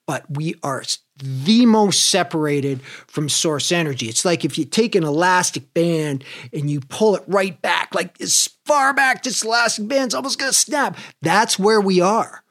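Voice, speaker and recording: A man's voice: high voice, unhurried, few pauses, a bit bright. A man giving a casual spiritual talk, conversational and loose, swearing freely and explaining with everyday comparisons. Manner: conversational, swears freely, acts out inner voices. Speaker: spiritual teacher.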